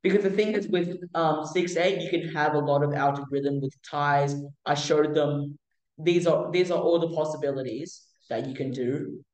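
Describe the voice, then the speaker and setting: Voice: mid-range voice, fairly even intonation, moderate pace, darkish tone, heavy reverb, poor audio. A music theory tutor giving a casual online lesson, explaining in a chatty way with many fillers and restarts.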